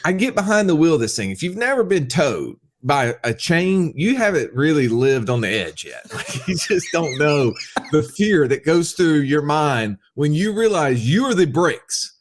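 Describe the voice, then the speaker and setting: A man telling a wild story as a podcast guest, excitable and quick to laugh, quoting people as he goes. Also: on the high side. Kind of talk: animated storytelling.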